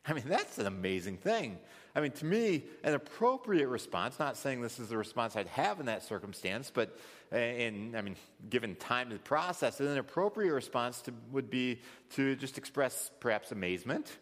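A man leads a Bible study in a thoughtful, explanatory way. His pitch rises and falls a lot as he gives the quotes some life. His voice rings with a long reverb, as if in a large hall. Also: fairly bright tone. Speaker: Bible teacher.

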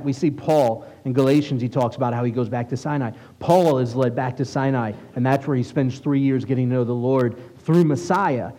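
A man preaching a sermon as a rabbi, conversational and asking his listeners questions, reading scripture aloud slowly. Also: mid-range voice, warm tone, poor audio. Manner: conversational, asks the congregation questions.

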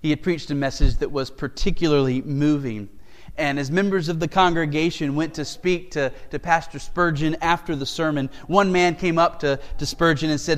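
A man's voice: a little high, fairly even intonation, normal speed, fairly bright tone, big-room sound. A man preaching an expository sermon as pastor, earnest and emphatic, asking rhetorical questions.

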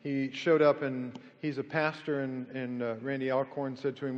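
A male pastor preaching, earnest and story-driven, rising to loud emphasis and then dropping to hushed tones. His voice rings out with a long hall reverb. The sound is dull and lo-fi, like an older church recording. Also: medium pitch, level tone, normal speed. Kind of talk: sermon with closing prayer.

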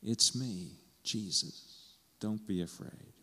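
A man voicing Jesus as he retells a scripture story in a sermon, speaking softly and slowly. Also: on the low side, long reverb tail, heavily acted. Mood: reassuring. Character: Jesus, calm reassuring grown man.

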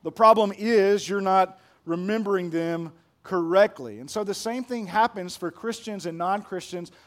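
A man's voice: sits high, normal speed. A man preaching a sermon as pastor, talking conversationally and quizzing the congregation with questions.

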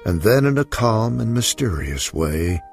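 A man narrating a rhyming storybook poem in a measured, sing-song way. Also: on the low side, sing-song, gravelly, soft background music.

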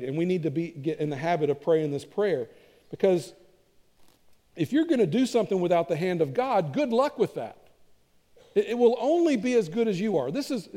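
Warm-voiced pastor preaching in a reverberant church. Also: male voice, high-pitched. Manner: conversational and self-deprecating, often repeats words. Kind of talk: sermon. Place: church sanctuary.

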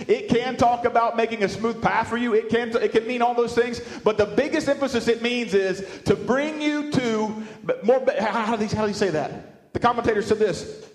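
High-voiced man preaching in an echoey hall. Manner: animated, repeats and restarts words, asks the congregation questions. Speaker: pastor. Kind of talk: sermon. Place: church sanctuary with speakers.

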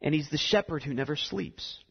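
A man's voice: a little high, fairly quick, vocal fry, slightly rough. A man preaching a sermon, explaining a text and building to emphatic repeated lines. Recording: dull sound with long reverb in a hall.

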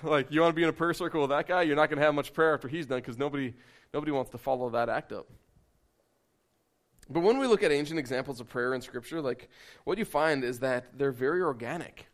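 Guy giving a sermon, kinda high voice, casual and lively, pokes fun at himself. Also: fast talker. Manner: conversational, animated, self-deprecating. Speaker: pastor.

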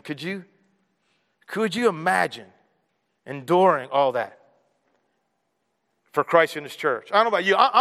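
A man's voice: high voice, bright, forceful tone, big-room sound. A man preaching a sermon as a pastor, earnest and conversational, asking the congregation rhetorical questions.

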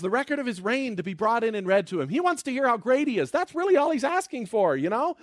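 Animated high-voiced man preaching. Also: no echo, studio quality. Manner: playful, acts out the characters in quick asides. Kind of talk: animated sermon retelling a Bible story.

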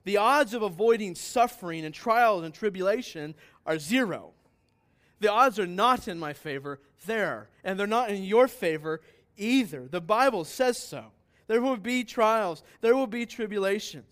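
Man, pastor, high-pitched voice, emphatic sermon, rhetorical questions, loud-to-quiet swings. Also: lively intonation, normal speed.

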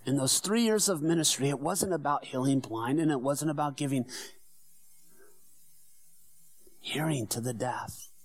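A man performing a first-person church monologue as the apostle Peter, an earnest middle-aged fisherman, telling the story in a hushed, sorrowful tone that swells into fervent preaching. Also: mid-range voice, normal speed, dry recording, natural voice. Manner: storytelling, swinging from hushed whispers to fervent shouts.

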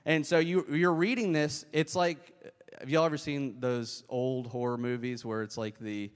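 Preacher in an echoing hall. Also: male voice, fairly even intonation, normal speed, clear, resonant tone. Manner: conversational, acts out quoted voices with sudden pitch jumps. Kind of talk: sermon. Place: church hall. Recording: long hall reverb.

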